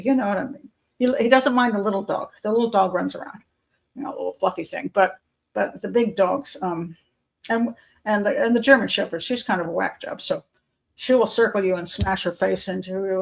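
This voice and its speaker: A woman's voice: mid-range voice, vocal fry. An older woman hosting a live chat show, talking casually and rambling with many fillers and restarts.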